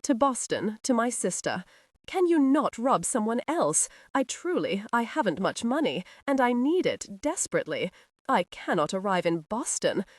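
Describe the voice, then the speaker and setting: A woman voicing a frightened but defiant young gentlewoman who pleads in a high, strained voice. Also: sing-song, normal speed, no echo, clean studio sound. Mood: frightened pleading.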